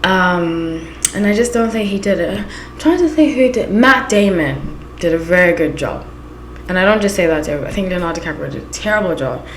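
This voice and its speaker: A woman's voice: lowish voice, expressive, fairly quick, echoey room, a little hiss or hum. A woman from Southern Africa with a Zimbabwean accent, chatting casually as a channel host and telling anecdotes with lots of asides. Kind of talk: casual chat.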